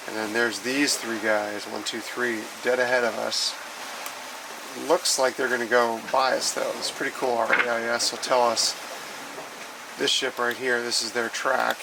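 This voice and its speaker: Relaxed man on a noisy boat. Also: medium pitch, vocal fry. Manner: relaxed, explains things plainly. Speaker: sailing vlog host. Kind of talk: casual vlog narration. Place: outdoors on a sailboat at sea.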